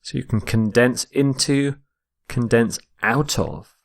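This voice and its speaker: Slow, deliberate male English teacher. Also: medium pitch, creaky. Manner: deliberate, repeats each word to stress its syllables. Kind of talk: slow, explained vocabulary lesson.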